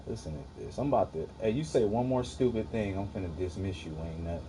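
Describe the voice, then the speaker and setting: Low, mellow-voiced man arguing with chat. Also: lively intonation, quick pace, slight background noise, low-quality recording. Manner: profane, argumentative, dismissive with chat. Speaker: livestreamer answering chat. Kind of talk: casual livestream chat.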